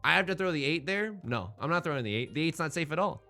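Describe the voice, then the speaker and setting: A young man streaming a tile game, rambling and self-deprecating as he thinks out loud. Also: fairly high pitch, animated, fast, faint music behind. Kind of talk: casual game commentary.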